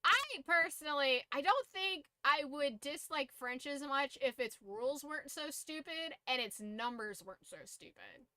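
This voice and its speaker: Bright, blunt woman streamer chatting. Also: high voice, expressive, moderate pace, few pauses, no room sound. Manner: blunt, swears freely, laughs often. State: throat going hoarse. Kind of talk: casual stream chat.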